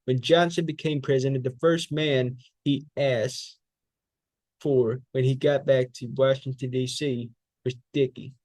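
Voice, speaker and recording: Man, mid-pitched, delivering a recited speech with fiery rhetorical repetition; dry sound. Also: steady tone, a little slow, a little mellow, dry recording. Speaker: public speaking student. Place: speech training class.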